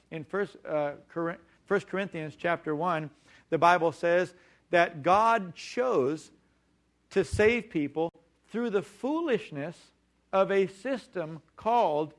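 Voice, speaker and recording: Emphatic male preacher with a slightly high voice. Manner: emphatic, repeats key words, drawn-out stressed phrases. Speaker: pastor. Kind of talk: sermon.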